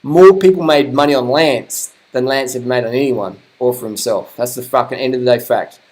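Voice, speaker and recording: A man's voice: medium pitch, a little fast, a little mellow. A middle-aged man, commentating old race footage in a blunt, sweary, chatty way, often laughing.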